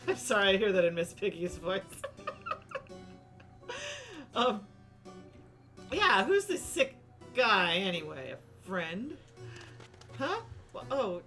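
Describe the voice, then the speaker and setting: A woman's voice: mid-range voice, very animated, slow, pauses often, fairly bright tone, faint music behind. A woman streaming a story game, reading its dialogue aloud in playful voices and laughing often between lines.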